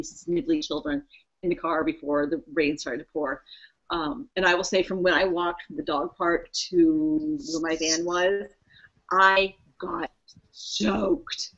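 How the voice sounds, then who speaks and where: A woman's voice: on the low side, a little slow, vocal fry, fairly bright tone. Woman rambling through a wild story on a podcast, swears a lot, kinda muffled audio. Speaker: podcast co-host. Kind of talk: casual storytelling chat.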